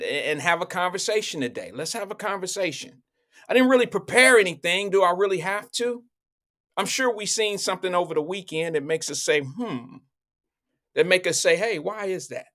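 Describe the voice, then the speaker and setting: High-voiced man hosting a loose livestream. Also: pushed and bright. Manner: loose, repetitive, talks straight to viewers. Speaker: livestream show host. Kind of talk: casual live-stream chat. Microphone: own microphone.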